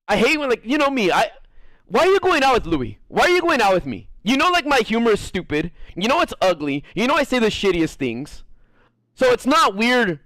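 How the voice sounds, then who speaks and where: A man's voice: high voice, fairly bright tone, no room sound, clean studio sound. A man chatting casually on a stream, rambling with crude jokes and lots of fillers. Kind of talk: casual chat.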